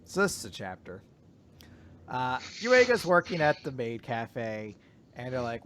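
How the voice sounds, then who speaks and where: A man's voice: mid-range voice, unhurried, a little hiss or hum. A man hosting a casual podcast, retelling a manga chapter with many fillers. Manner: animated storytelling, many fillers. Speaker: podcast host. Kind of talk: casual manga recap chat.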